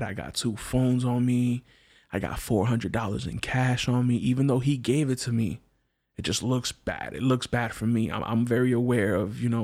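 A man telling a personal story in a casual, slangy way, acting out the other people's lines and often restarting his sentences. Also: mid-range voice. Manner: slangy, animated, acts out quoted voices; frequent restarts and repeated words.

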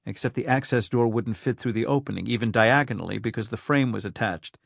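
A man narrating a thriller audiobook in a steady, even storytelling manner. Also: medium pitch, brisk, gravelly, hardly any pauses, no room sound, studio quality.

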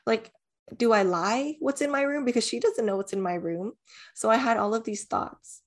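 A woman's voice: a little high, moderate pace. A young woman co-hosting a podcast, chatting casually, laughing and swearing as she acts out little scenes. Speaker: podcast co-host. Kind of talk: casual chat.

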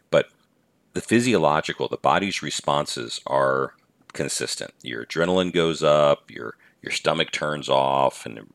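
A man's voice: rumbling low, vocal fry, fairly bright tone, dry recording, clean studio sound. A middle-aged man hosting a podcast, giving an earnest talk on patience in numbered points. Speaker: podcast host and teacher-coach.

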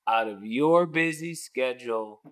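A man on a podcast as a guest, chatting casually and telling stories in a playful, animated way. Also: medium pitch, a little slow. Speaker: podcast guest, speaker and coach.

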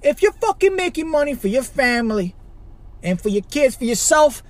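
A man's voice: extremely high pitch, very animated, normal speed, no echo. Swearing man ranting from Chicago. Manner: swears constantly, loud outbursts, rhetorical "right?". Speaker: podcast host. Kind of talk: profane solo rant.

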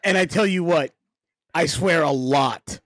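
A man's voice: a little high, a little slow, a bit bright, dry recording. A man joining the chat as a guest with wry, joking banter. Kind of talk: casual banter.

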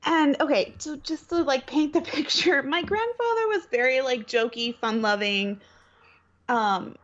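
A woman's voice: high-pitched, unhurried, dull audio. A young woman co-hosting a podcast, casually telling a funny family story and acting out the people in it, often laughing. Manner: animated, laughs often, acts out quoted voices. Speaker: podcast co-host.

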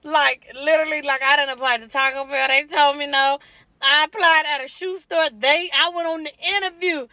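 A young woman chats casually on a podcast, calling her listeners y'all and laughing easily. Her voice is high and bright. The sound is dry and close to the mic. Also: fairly even intonation, moderate pace, dry recording. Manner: chatty, addresses listeners as y'all, laughs often. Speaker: podcast co-host. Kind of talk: casual chat.

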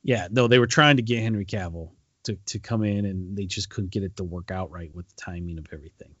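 A low-pitched, slightly bright-sounding man talks fast as a podcast co-host, meandering through a retold story with plenty of ums and false starts in casual chat. The audio is muffled, with no room sound.

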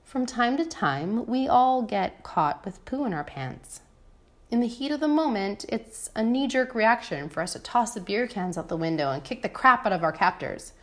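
A woman's voice: on the high side, expressive, moderate pace, a bit bright. A woman in her thirties, a mother, reading her own personal essay aloud in a frank, wry and irreverent way. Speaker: mother of a toddler.

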